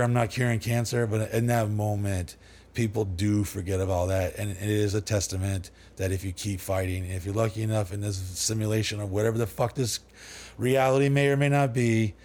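A man's voice: lowish voice, darkish tone. A man as a podcast guest, telling long rambling stories with lots of swearing, fillers and restarts. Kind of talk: casual storytelling.

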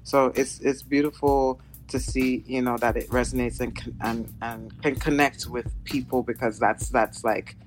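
Guest musician on a call, halting and unsure, lots of likes and ums, soft music behind. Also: mid-range voice, fairly even intonation. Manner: hesitant, halting, many fillers and restarts. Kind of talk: casual interview chat.

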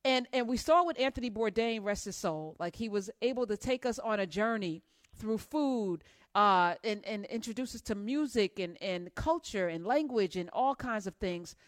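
A woman hosting an interview, chatty, playful and animated. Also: mid-range voice, moderate pace, no room sound, clean studio sound. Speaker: show host. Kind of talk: casual interview.

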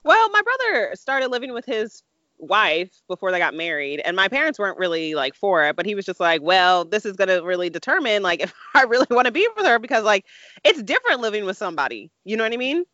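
A young woman co-hosting a podcast in casual chat, animated and playful, laughing often and acting out quoted remarks. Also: medium pitch, quick pace, no echo, dull audio. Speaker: podcast co-host.

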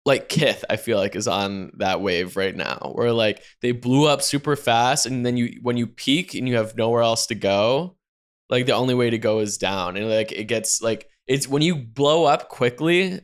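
A young man co-hosting a podcast in casual chat, rambling and animated, full of "like" and casual swearing. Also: medium pitch, moderate pace. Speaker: podcast co-host.

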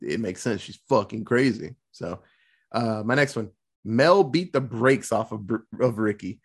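Husky podcast host, lively swooping voice, casual and profane. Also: mid-range voice, measured pace. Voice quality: profane, animated storytelling. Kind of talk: casual movie review chat.

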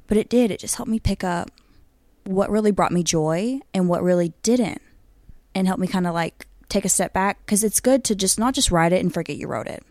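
A woman's voice: medium pitch, brisk, darkish tone, no echo, studio quality. A young woman co-hosting a casual podcast, chatty and upbeat, often breaking into laughter. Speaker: podcast co-host. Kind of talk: casual chat.

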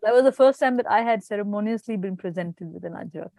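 Halting woman in a dry recording. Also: medium pitch, creaky, warm tone, no echo. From Pakistan. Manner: halting, restarting, searching for words. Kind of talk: casual panel conversation.

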